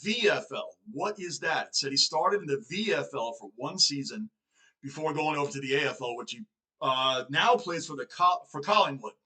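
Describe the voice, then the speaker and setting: A man with a New York accent, chatting casually as he hosts a reaction video, excitable and full of self-questioning asides. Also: a little high, normal speed, rough recording. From Northeastern United States.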